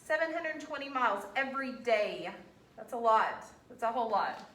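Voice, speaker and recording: A woman teacher, coaxing her class along with a steady stream of questions. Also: a little high, moderate pace, a little hiss or hum. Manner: animated, coaxing, quizzing students with questions. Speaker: elementary school teacher. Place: classroom, indoors. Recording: echoey classroom from far off.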